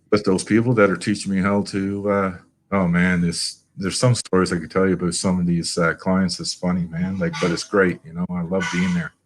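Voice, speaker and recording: Folksy Canadian man, low voice. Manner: earnest, folksy, quotes people in raised voices. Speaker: recovery meeting guest. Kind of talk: casual storytelling.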